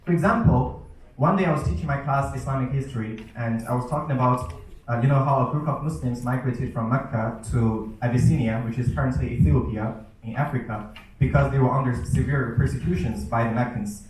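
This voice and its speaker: A man's voice: medium pitch, brisk, a little mellow, a little hiss or hum. A young man performing a stand-up comedy set, telling stories about his teaching and acting out his students' voices. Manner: storytelling with acted-out student voices. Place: event hall with a live audience. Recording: echoey hall, mic heard from a distance.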